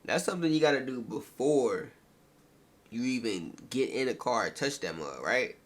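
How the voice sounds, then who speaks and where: A man hosting a reaction video, giving casual, joking, slangy commentary in an animated way. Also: mid-range voice, normal speed.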